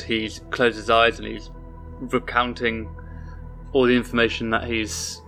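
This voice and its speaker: Guy playing a tabletop rpg, bright voice, chatty, music faint in the back. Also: mid-range voice. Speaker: player. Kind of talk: casual tabletop game chat.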